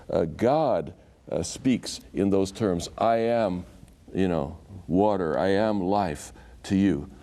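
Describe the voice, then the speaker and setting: A man, a Bible scholar and guest, teaching scripture in conversation and acting out the quotes in a lively way. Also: on the low side. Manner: animated storyteller who acts out quotes.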